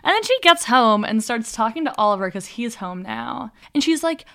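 A woman co-hosting a podcast, casually recapping a film with quick, joking asides. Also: on the high side, very animated, bright, forceful tone. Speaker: podcast co-host.

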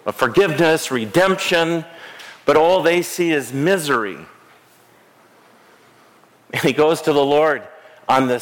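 Male pastor, slow unhurried storytelling sermon. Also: medium pitch, a bit bright. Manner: slow, storytelling preaching with dramatic pauses. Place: church sanctuary.

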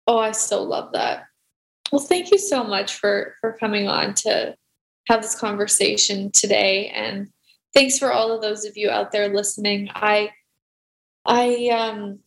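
A woman's voice: mid-range voice, steady tone, measured pace, gravelly, pauses often. A woman hosting a podcast, talking in an effusive way with loose, looping phrases. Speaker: podcast host. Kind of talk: casual podcast conversation.

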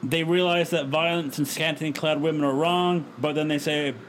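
A man with a somewhat high voice talks through a recap in a loose, joking way. He co-hosts a casual chat podcast. A faint hiss sits under the recording. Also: fairly even intonation, fairly bright tone. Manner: recaps quickly, joking, acts out quotes. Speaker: podcast co-host recapping wrestling.

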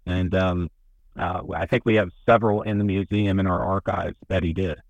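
A man with a fairly low voice talks through a local museum's collection on a radio interview, rambling and folksy, often restarting his sentences. The sound is close and dry, with no room ring. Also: fairly even intonation, normal speed, vocal fry, no room sound, dull audio. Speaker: museum representative. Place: radio studio. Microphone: studio microphone.

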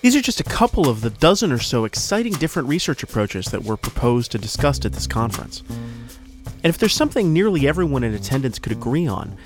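Lively male science narrator. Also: mid-range voice. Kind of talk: scripted narration.

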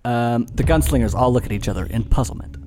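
A man's voice: medium pitch, fast talker. A man narrating a tabletop game as game master, joking about his own stumbles. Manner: self-deprecating, laughing at own stumbles. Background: music.

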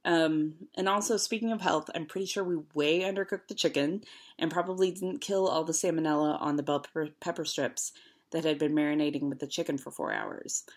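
Woman pushing forty, kinda low voice, dry self-mocking podcast host, lots of likes and ums. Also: steady tone, fairly quick. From Houston, United States. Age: late 30s. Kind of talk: casual chat.

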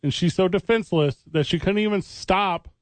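Guy on sports radio, kinda high voice, argues careful and stubborn. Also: normal speed, dry recording. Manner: argumentative, picks his words with care. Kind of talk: heated sports talk debate.

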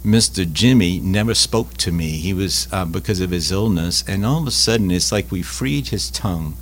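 Deep-voiced man, halting. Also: a little hiss or hum. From Louisiana. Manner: halting, repeats words, many fillers. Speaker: Catholic food ministry leader. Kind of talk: casual interview storytelling.

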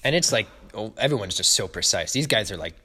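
A man's voice: lowish voice, fast talker, husky. A young man co-hosting a casual podcast, recapping a film scene by scene and acting out the characters' lines. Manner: animated, quoting scenes in acted voices. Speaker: podcast co-host.

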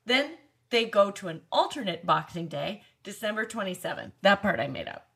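A young woman co-hosting a podcast with a slightly husky voice. She tells stories with dry humor and playful exaggeration, in an easy, casual tone. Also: medium pitch, sing-song, normal speed, fairly bright tone. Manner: joking, dry storytelling. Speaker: podcast co-host. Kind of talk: casual chat.

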